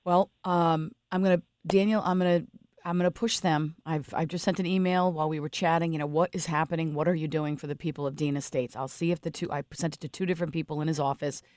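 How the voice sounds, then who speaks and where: A woman's voice: sits low, fairly even intonation, fast talker, a little mellow, no room sound. A woman hosts a radio talk show from a dry, close-miked studio. She speaks with emphatic sympathy and often trips into restarts as she pushes her point.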